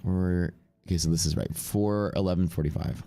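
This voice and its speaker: Young adult male streamer, deep voice, sniffly with a cold, casual thinking-aloud commentary. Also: fairly even intonation, unhurried, long pauses, warm tone. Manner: offhand, thinking aloud while reading out numbers. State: congested with sniffles. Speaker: live-stream day trader.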